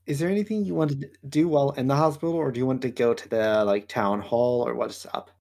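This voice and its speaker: A man's voice: mid-range voice, quick pace, creaky, darkish tone. Guy running a tabletop game, dry tired asides, just narrating. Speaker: game master.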